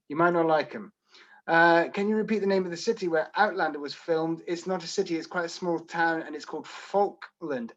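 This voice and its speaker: A man from Scotland with a mild, London-softened Edinburgh accent, reading out audience questions and answering them briskly and dryly in an online Q and A. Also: on the high side, highs cut off. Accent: mild Edinburgh Scottish, softened by London. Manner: brisk, dry and wry, reading questions aloud then answering. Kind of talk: live online Q and A.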